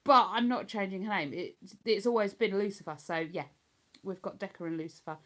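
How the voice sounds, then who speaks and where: Brisk and a bit bright, this medium-pitched female voice belongs to an older Hertfordshire woman hosting a livestream. She replies to viewer comments in a casual way, with an accent between posh and London.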